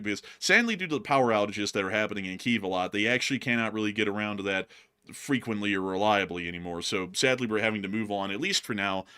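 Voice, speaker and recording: A man's voice: on the low side, sharp tone, clear, resonant tone. A man hosting a war news show, giving casual commentary and joking as he addresses his viewers as folks.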